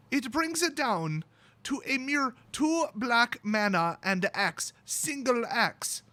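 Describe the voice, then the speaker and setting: A man reviews cards in a playful, exaggerated put-on Irish accent. His voice sits high and sounds crisp and sharp. The recording is dry, with no room sound. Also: no echo. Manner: joking, exaggerated mock accent. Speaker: channel host. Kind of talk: card spoiler review.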